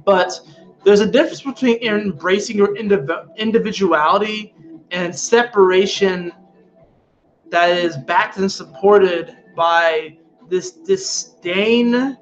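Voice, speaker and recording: A man talking casually to his viewers about astrology in an animated, emphatic way, often swearing. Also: high voice, slow pace, muffled recording. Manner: animated, emphatic, frequently profane. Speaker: astrology vlogger. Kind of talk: casual spiritual chat to viewers.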